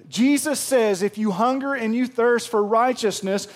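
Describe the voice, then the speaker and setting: A man's voice: high voice, measured pace, few pauses. A man preaching a sermon, telling funny stories and calling on the congregation to join in. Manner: humorous, storytelling, engages congregation. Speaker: pastor.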